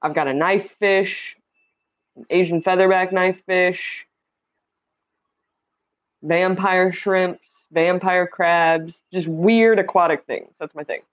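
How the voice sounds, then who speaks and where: An Indiana woman runs a casual livestream, chatting freely, reading out viewer comments, and greeting viewers by name. Her fairly low voice is slow with fairly even intonation and frequent pauses. Her streaming setup mic cuts off the highs.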